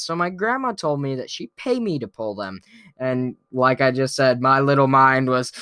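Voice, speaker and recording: A man tells a childhood story to his viewers in a relaxed, playful way and often chuckles. He talks slowly and draws out his words. His voice is bright and clean, and the sound is dry and close. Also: mid-range voice, smooth, dry recording. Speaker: vlogger telling a weekly story. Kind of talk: casual storytelling to camera.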